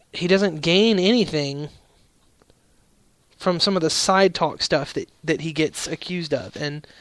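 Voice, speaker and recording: A man's voice: a little high, fairly bright tone, no room sound. A man hosting a casual political podcast, opinionated and rambling, with frequent restarts. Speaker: podcast host.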